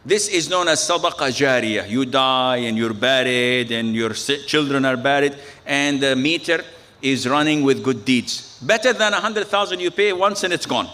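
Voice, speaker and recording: Bright-voiced preacher. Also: male voice, medium pitch, expressive, normal speed. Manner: storytelling with quoted dialogue, frequent Arabic phrases. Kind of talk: sermon. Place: mosque or Islamic center.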